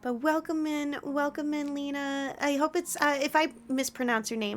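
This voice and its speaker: Giggly high-voiced young woman streamer. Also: steady tone, normal speed, few pauses. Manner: gushing, giggly, greets chat warmly. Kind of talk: casual live-stream chat.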